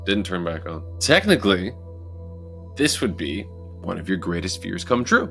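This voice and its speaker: A man telling a personal story in a casual, animated motivational talk, acting out moments as he goes. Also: low voice, moderate pace, gravelly, faint music behind. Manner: animated, acts out his own story with lively asides. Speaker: motivational speaker.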